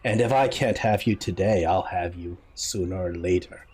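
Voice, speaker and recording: Vengeful admiral, low slow menace, husky, a man puts him on. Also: darkish tone. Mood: menacing. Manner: low threatening growl, slow and deliberate.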